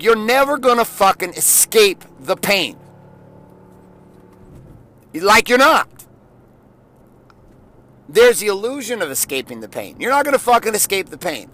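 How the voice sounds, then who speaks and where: Middle-aged guy ranting, blunt and sweary, gets shouty, voice kinda high. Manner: blunt, profane and emphatic, rising to shouting. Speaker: motivational podcast host. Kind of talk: intense motivational monologue.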